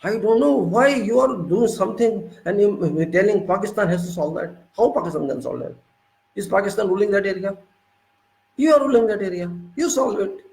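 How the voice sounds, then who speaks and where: Indian English man, fairly high voice, indignant lecturing monologue, echoey room. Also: gravelly, a little mellow. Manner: indignant, lecturing, repeating rhetorical questions. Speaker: political commentator. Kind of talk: spoken political monologue.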